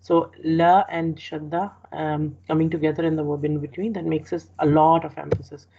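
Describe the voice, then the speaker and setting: A woman with a low, mellow, slightly husky voice gives a word-by-word translation lesson. She explains slowly, repeating phrases and correcting herself as she goes. The sound is dull and lo-fi. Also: little pitch movement. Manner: slow, explanatory, repeats each phrase with restarts. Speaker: Quran teacher. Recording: dull lo-fi recording.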